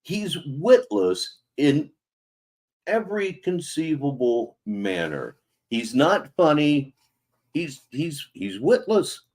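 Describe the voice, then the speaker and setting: A man hosting a commentary show, mocking the clips in a sardonic, drawn-out way. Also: on the high side, very animated, a little mellow. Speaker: commentary channel host.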